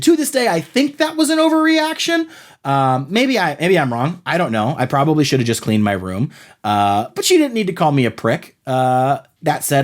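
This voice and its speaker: A man hosting a podcast, telling a rambling, self-deprecating comic story about his own childhood. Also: mid-range voice. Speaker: podcast host. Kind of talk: comedic monologue.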